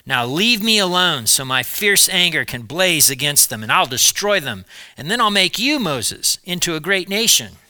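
A man's voice: a little high, very animated, normal speed, sharp tone, no room sound, exaggerated voice. A man preaching, voicing an angry, commanding God in a Bible retelling with urgent delivery.

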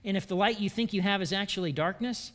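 A man giving a church sermon as pastor, animated and humorous, with self-deprecating asides. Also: high-pitched, fast.

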